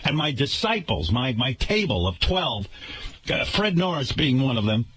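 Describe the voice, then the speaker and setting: A man's voice: big pitch swings, normal speed, a bit bright, slight background noise. A man hosting a radio show, ranting indignantly and sarcastically about the management of his workplace. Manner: indignant, sarcastic, swinging pitch. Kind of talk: ranting talk radio monologue. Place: radio studio.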